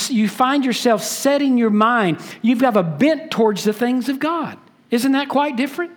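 A pastor preaching a sermon, stressing words by repeating them and switching between quick and slow delivery. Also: extremely high pitch.

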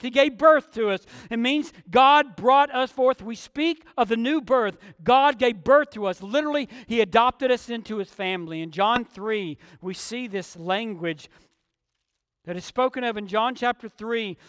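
A male pastor delivers an emphatic sermon in a strikingly high voice, leaning hard on key words and slipping into quieter asides. The mic sits close and dry, yet a long reverb trails off through the sanctuary. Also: normal speed, smooth.

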